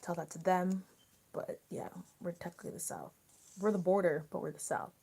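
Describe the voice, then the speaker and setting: A young woman from Maryland hosting a live stream, chatting casually and answering viewer comments out loud while she eats. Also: lowish voice, fairly even intonation, normal speed, creaky, slightly rough. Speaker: livestream host.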